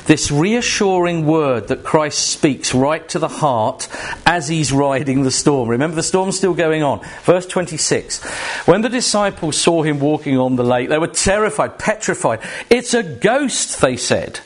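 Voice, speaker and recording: A man preaching a sermon to a congregation, emphatic and animated, with rhetorical questions and asides to the room. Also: fairly high pitch, normal speed. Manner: jokes directly with the congregation.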